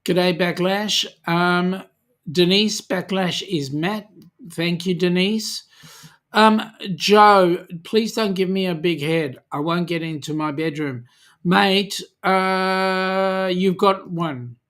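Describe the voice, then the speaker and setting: A man's voice: high-pitched, steady tone, takes it slowly, a bit bright. A man with an Australian accent hosting a casual livestream, reading out viewer comments with lots of ums and friendly teasing. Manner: chatty, hesitant with frequent ums, teasing. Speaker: livestream host.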